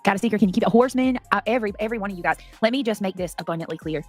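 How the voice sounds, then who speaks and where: A woman's voice: mid-range voice, racing, faint music behind. A woman, hosting a casual livestream, greeting viewers by name and talking emotionally and defensively.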